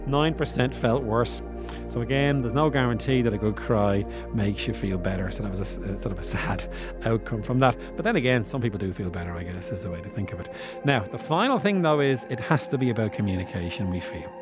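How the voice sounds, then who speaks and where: A man's voice: on the low side, expressive, fairly quick, over music. A man hosting a podcast, explaining science in a casual, musing way with self-deprecating asides. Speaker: podcast host.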